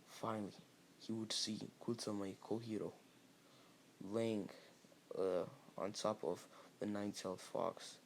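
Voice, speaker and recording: A man's voice: on the low side, steady tone, measured pace, a little hiss or hum. A man casually improvising a fan-fiction story, rambling with restarts and fillers.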